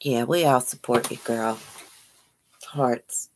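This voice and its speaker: Woman livestream host, deep voice, chatty, reads comments aloud. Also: takes it slowly, background noise. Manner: chatty, reads out viewer comments and greets them. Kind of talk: casual livestream chat.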